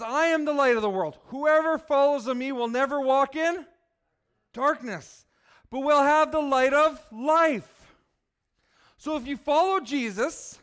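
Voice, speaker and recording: A man preaching a lively sermon that asks the listeners questions. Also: very high voice. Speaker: children's preacher.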